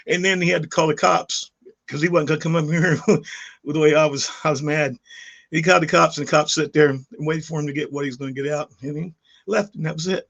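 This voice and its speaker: Gravelly middle-aged man ranting a story. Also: on the high side, fairly even intonation, brisk, fairly bright tone. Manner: rambling, heated, frequent restarts and fillers. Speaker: YouTube vlogger. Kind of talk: casual storytelling vlog.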